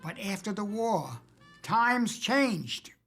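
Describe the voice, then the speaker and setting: Soft background music accompanies an older American man, a cartoonist, as he tells wry career anecdotes with dry humor in documentary interview narration. His high, fairly bright voice is expressive, and he takes a slow pace.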